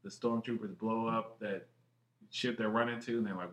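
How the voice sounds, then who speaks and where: A man co-hosting a podcast, chatting excitedly with lots of swearing, jumping from one thought to the next. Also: on the low side, moderate pace. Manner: excitable, heavy swearing, jumps between thoughts. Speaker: podcast co-host. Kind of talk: casual chat. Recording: roomy echo.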